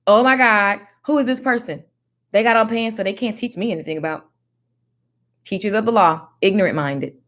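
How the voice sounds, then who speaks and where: A woman giving casual Bible teaching in a slangy, animated, preachy way. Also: mid-range voice, normal speed. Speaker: faith teacher.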